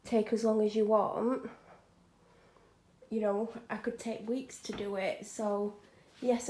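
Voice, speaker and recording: A woman chatting frankly in a home vlog from a room she is decorating, sometimes dropping into soft whispered asides. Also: on the high side, a little hiss or hum. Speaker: vlogger. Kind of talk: casual home vlog chat.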